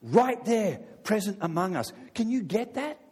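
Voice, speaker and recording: A man preaching a sermon in an animated way, often asking his listeners "right?". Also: sits high, measured pace, husky. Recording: long reverb of a large hall.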